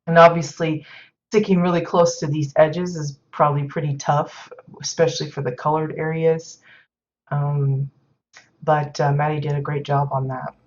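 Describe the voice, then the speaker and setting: A woman hosting a live stream, thinking aloud in a hesitant way and filling pauses with many ums and uhs. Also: low voice, little pitch movement, darkish tone, lo-fi sound. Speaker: stream host showing player-built game housing.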